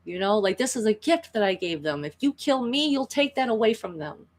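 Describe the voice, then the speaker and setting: A woman voicing a male villain priest pleading for his life in a higher, self-righteous tone. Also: expressive, a little fast, close to an everyday voice.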